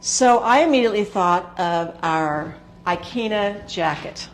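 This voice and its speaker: A woman hosting a sewing show, talking casually to the camera in a hoarse, gravelly voice, chatty and rambling with filler words. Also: medium pitch, lively intonation, a little slow. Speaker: sewing instructor and show host.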